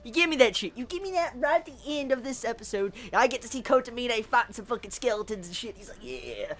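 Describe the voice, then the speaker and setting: A woman's voice: a little high, quick pace, a bit bright. A woman giving a casual ranting review, exasperated, stammering and swearing a lot. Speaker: anime reviewer.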